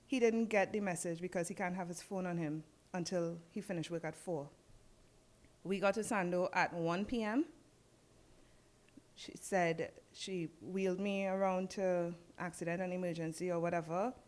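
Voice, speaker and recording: A woman with a Trinidadian accent, speaking in a slightly low voice. As a podcast guest, she recounts her own experience in casual conversation. She brings her story to life by acting out what each person said. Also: moderate pace. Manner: lively storyteller acting out dialogue.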